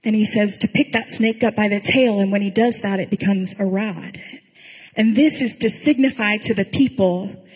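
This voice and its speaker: A pastor giving a sermon in a conversational storytelling way, with dry humor. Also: female voice, mid-range voice, fairly even intonation, moderate pace, husky, in a large hall, low-quality recording.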